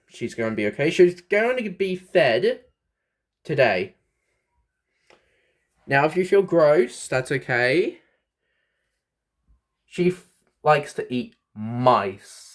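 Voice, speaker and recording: Young aussie guy chatting about his pet snake, slow, pitch bouncing all over. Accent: Australian. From Australia. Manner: chatty, rambling, talks to his pets. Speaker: pet vlogger. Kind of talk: casual pet vlog.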